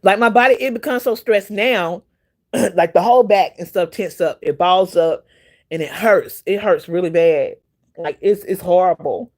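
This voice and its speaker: A woman's voice: fairly low pitch, normal speed. A woman hosting a casual livestream, telling a long personal story in a rambling, repetitive way with many fillers and breaking off to greet viewers by name. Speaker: livestream host.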